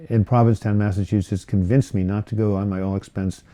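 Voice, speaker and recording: A man with a low, very dark and mellow voice hosts a casual live chat about mental health. He reads viewers' comments aloud and answers them in a rambling, conversational way, full of fillers and restarts. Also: steady tone, quick pace. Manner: rambling, chatty, with frequent fillers and self-corrections.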